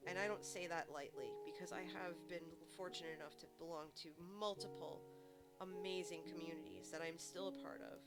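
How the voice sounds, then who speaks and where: A woman game streamer chatting casually to her viewers and telling stories in an animated way. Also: lowish voice, brisk. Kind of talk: casual chat. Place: home streaming setup. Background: background music.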